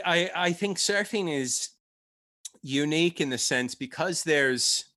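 Bright-sounding guy cohosting a podcast, voice jumps all over, laughs a lot. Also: medium pitch. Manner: animated, laughs often, restarts sentences. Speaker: podcast co-host. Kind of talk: casual chat.

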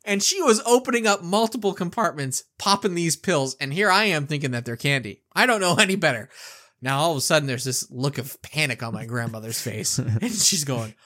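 Animated male podcast storyteller. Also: on the high side, brisk. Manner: animated, acts out the quotes. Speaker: podcast co-host. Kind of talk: casual storytelling.

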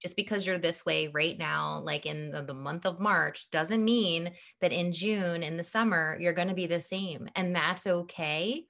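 A woman guest on a podcast speaks in a casual, earnest way. She is reflective and encouraging, and her voice sits somewhat low for a woman. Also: unhurried, vocal fry, hardly any pauses, fairly bright tone. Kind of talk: casual interview chat.

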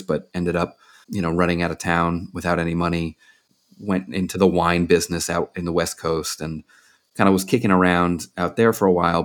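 A deep-voiced man is interviewed as a journalist and author. He tells anecdotes in a loose, conversational way, filling his speech with frequent fillers.

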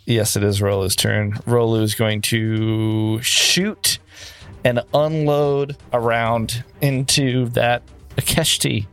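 A man's voice: medium pitch, flat delivery, slow, a bit bright, smooth. A man playing a tabletop game, chatting casually and joking with the table. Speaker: player.

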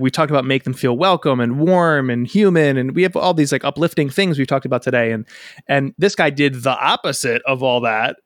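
A man hosts a podcast, speaking at a middle pitch in a measured, conversational way as he asks probing questions. His voice is recorded dry and close, with no room around it. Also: dry recording. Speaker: podcast host. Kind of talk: casual interview.

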